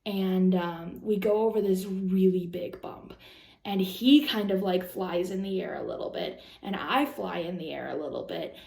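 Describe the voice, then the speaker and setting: A young woman rambles through a personal story for her vlog, full of fillers and restarts. Her voice has a gravelly fry and a mellow, darker tone. The room around her sounds echoey. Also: on the low side, normal speed. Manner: rambling, lots of "like" and "um", anxious retelling. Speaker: vlogger.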